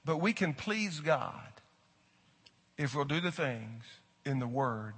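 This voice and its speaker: A man's voice: medium pitch, expressive, slow pace, a bit bright, husky. A middle-aged male pastor preaching a sermon in folksy storytelling style, talking straight to his congregation in a large church. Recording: echoey hall with long reverb.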